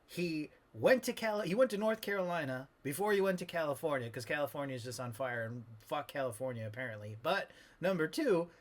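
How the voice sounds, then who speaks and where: A man's voice: on the high side, lively intonation, fairly quick, hardly any pauses. A man playing a cranky, rambling old man with a put-on old-timey Southern accent through an old-man voice filter, bantering crudely on a comedy podcast. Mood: grumbling. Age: older. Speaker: podcast co-host.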